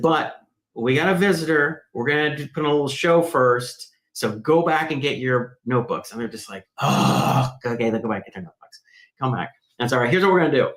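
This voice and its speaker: A man as an interview guest, telling a story in a lively conversational way and acting out quoted voices. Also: on the high side, roomy sound, rough recording. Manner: animated, acts out quoted voices. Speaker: guest, math program founder.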